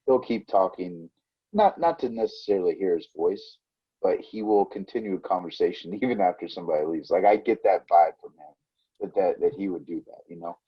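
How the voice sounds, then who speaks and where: A man's voice: low-pitched, expressive, a little fast, breathy edge, dull audio. A man co-hosting a casual movie podcast, musing loosely with lots of fillers. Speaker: podcast co-host.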